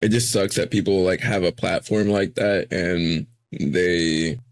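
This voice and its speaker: A man's voice: low voice, steady tone, measured pace. A man co-hosting a podcast in casual chat, loose and filler-heavy, acting out quoted dialogue along the way. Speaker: podcast co-host.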